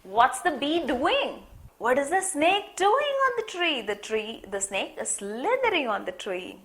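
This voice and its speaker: A young woman teaching a phonics course, telling a story slowly and acting out the letter sounds. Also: high-pitched. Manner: slow, lively storytelling with sound demonstrations.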